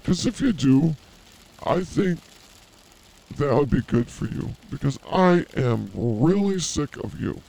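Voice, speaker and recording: A man's voice: fairly high pitch, animated, slow, gravelly, mellow. A man in his fifties co-hosting a casual comedy podcast, trading crude, joking banter. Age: 50s. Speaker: podcast co-host.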